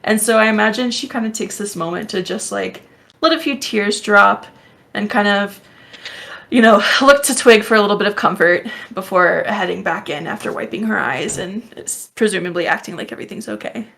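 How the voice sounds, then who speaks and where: A woman player in a tabletop role-playing game, narrating her character's actions softly and hesitantly, with many fillers. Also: medium pitch, normal speed, creaky.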